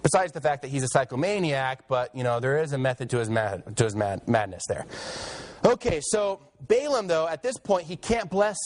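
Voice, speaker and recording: A man teaching a Bible lesson in a casual, conversational way, with joking asides and quick restarts. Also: medium pitch, sing-song. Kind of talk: casual classroom lecture.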